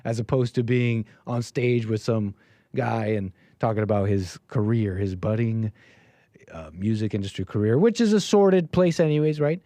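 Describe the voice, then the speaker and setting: A man's voice: fairly low pitch, moderate pace, warm tone, dry recording. A man hosting a call-in livestream, reacting to clips in casual, rambling commentary with many fillers and a sarcastic, dismissive edge. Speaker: livestream host taking calls.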